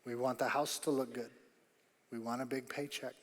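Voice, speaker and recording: A man preaching a sermon as pastor, emphatic and repetitive, rising to loud bursts on key points. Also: mid-range voice, flat delivery, normal speed, big-room sound. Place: church auditorium.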